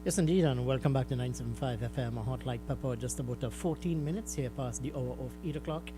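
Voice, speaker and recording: Trinidadian man, radio call-in host, emphatic, repeats words for stress, clear music playing underneath. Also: medium pitch, fast talker, low-quality recording.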